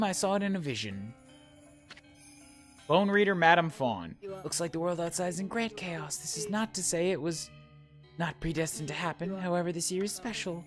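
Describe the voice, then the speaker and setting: A man voicing a hushed bone-reading fortune teller. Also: sits high, pitched above the performer's own voice, close to an everyday voice. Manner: hushed, measured, ominous delivery. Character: mysterious female fortune teller who reads bones.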